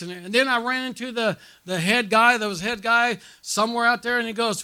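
A middle-aged male pastor preaching at a church conference, his voice very bright and sitting a touch high. He tells a personal story and keeps calling out questions to the congregation. He climbs to loud, excited peaks, then drops to quiet, low asides. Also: fast talker, few pauses. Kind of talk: sermon.

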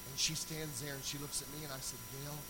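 A man preaching a sermon, moving between loud, sung exhortation and quiet, conversational storytelling. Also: on the high side, flat delivery, fast talker, very noisy.

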